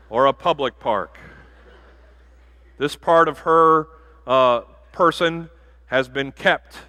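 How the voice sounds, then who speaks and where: A pastor giving a sermon in a church, animated and jokey, with bursts of loud emphasis. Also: male voice, fairly high pitch. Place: church sanctuary.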